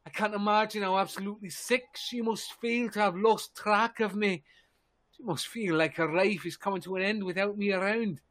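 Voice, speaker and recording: A man playing a gruff, grieving lumberjack in his fifties who snaps at strangers. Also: high voice, steady tone, normal speed, fairly bright tone. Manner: bitter, snapping, defensive.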